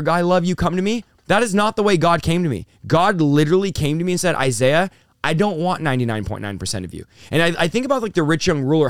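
Young pastor, male, raised voice, smooth and resonant, dry close mic; passionate testimony-teller. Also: fairly high pitch, dry recording. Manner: intense, storytelling with acted-out quotes. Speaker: pastor and guest. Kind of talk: emotional testimony in an interview.

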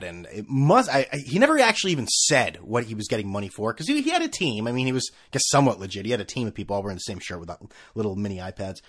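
A man's voice: medium pitch, a bit bright. A man hosting a podcast, rambling through a self-mocking comic story with many restarts. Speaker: podcast host. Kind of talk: comedic storytelling.

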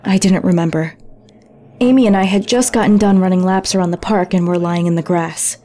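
Woman reading her story aloud, soft mellow voice, gentle. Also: lowish voice, fairly even intonation, a little fast. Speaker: narrator. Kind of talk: first-person audiobook narration.

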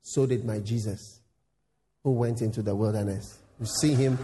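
A male pastor preaching a sermon, acting out dialogues with lively voices. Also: fairly low pitch, moderate pace, long reverb tail, a little hiss or hum. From Ghana. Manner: animated, acts out dialogues in voices.

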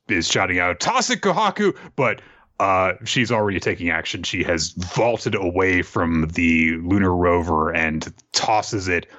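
A young man hosts a casual podcast, loosely recapping a story with swearing and filler words. His deep voice has a sharp tone, and the recording sounds slightly dull and dry.

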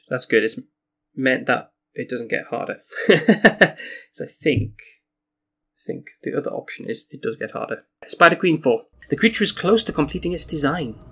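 A man's voice: on the high side, fairly bright tone, a little hiss or hum. A man playing a card game solo, reading story text aloud and talking through his moves. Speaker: solo board game player. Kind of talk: casual playthrough with read-aloud story text.

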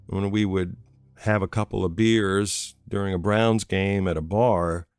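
A man with a low voice recounts a story from his working life, talking easily and circling back on his own phrases. The sound is dry and close, with faint music playing underneath. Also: smooth, no room sound. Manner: conversational, repeats phrases for emphasis. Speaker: former radio programming manager. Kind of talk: personal storytelling.

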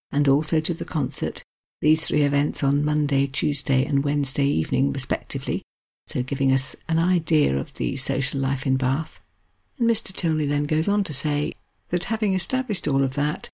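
A woman hosting a narrated talk with readings, in a measured, genteel and appreciative manner. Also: low-pitched, vocal fry, mellow, slightly rough. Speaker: host.

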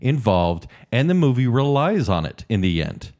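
A man co-hosting a casual movie review podcast, telling the plot like a lively story. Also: mid-range voice, moderate pace. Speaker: podcast co-host.

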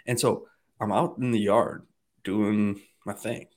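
A man with a voice sitting a touch low tells a long story in a loose, chatty way. He acts out the other people's lines as he goes and swears without a second thought. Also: steady tone, slow, darkish tone. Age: adult, married. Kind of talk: casual storytelling chat.

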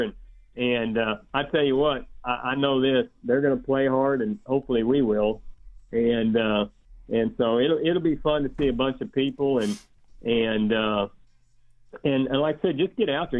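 An older man with a drawl calls in as a guest, chatting about family and baseball. He rambles, restarting sentences and filling gaps with "uh" and "you know." His voice comes through a thin, tinny phone line at a middling pitch. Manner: rambling, halting, many restarts and fillers. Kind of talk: casual phone interview.

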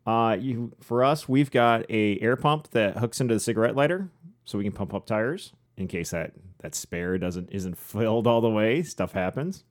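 A man's voice: lowish voice, animated, moderate pace. A man co-hosting a podcast, chatting casually and rambling with frequent laughs. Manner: rambling, conversational, laughs often. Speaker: podcast co-host. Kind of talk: casual chat.

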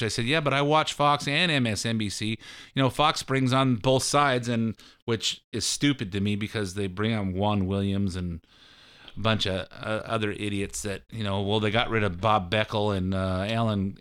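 A man's voice: fairly low pitch, a bit bright, clean tone. A man hosting a show of casual political commentary, rambling and folksy with a mocking edge. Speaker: host.

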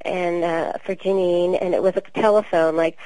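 A woman voice actor from Queens with a New York accent, telling stories in a chatty, relaxed interview. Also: on the low side, normal speed, dry recording, low-quality recording. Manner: chatty, storytelling, relaxed with many fillers. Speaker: voice actor guest. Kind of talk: casual interview talk.

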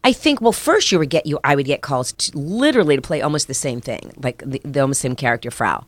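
A woman guest, an actress, giving brisk, practical advice in a casual interview chat. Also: very deep voice, expressive, dry recording.

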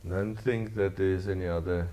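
A man with a very low voice delivering a sermon. His preaching is earnest and leans on repeated phrases. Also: steady tone, moderate pace, warm tone. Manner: earnest, repetitive preaching cadence. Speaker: pastor.

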